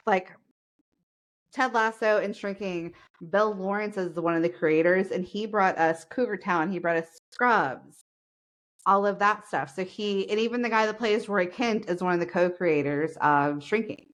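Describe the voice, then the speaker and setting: A woman's voice: mid-range voice, unhurried. Profane, joking woman podcast co-host. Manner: profane, joking, animated storytelling. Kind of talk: casual chat.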